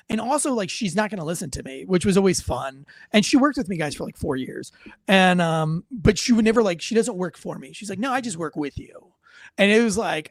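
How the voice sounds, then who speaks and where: A man's voice: sits high, no room sound, studio quality. A middle-aged man hosting a casual live chat, telling rambling, profane stories and acting out what people said. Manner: rambling storyteller, swears freely, acts out quotes. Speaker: host, former police officer.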